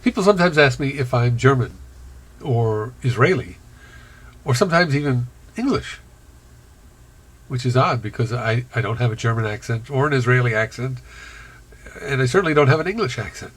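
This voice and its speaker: A man from the Bronx with a carefully trained American accent, talking in a wry, reflective vlog monologue with dramatic pauses. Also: medium pitch, expressive, a bit bright. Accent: General American, trained over a Bronx childhood accent. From Bronx, New York. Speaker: vlogger.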